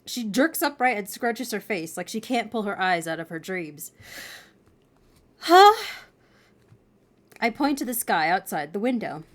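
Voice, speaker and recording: A woman reading a children's novel aloud in an expressive storytelling manner. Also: medium pitch, normal speed, hardly any pauses.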